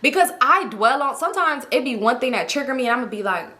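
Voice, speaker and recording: A woman vlogger telling a story to her viewers in a lively, slangy way, acting out each quote. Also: high-pitched, fast talker. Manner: animated, slangy, acts out every quote.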